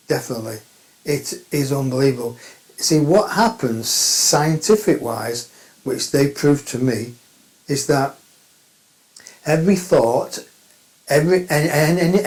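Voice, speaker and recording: Casting: male spiritual teacher, direct and emphatic, repeats his points, mellow tone. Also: medium pitch, low-quality recording. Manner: plain-spoken, emphatic, repeats phrases. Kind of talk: spiritual talk to camera.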